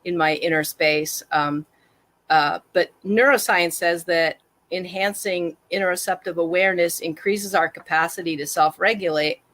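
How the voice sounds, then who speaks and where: A woman's voice: lowish voice, a bit bright, no room sound. A woman speaking as a guest on a conversation podcast, candid and self-deprecating, laughing easily at herself. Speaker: guest, trauma awareness activist. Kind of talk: reflective conversational talk.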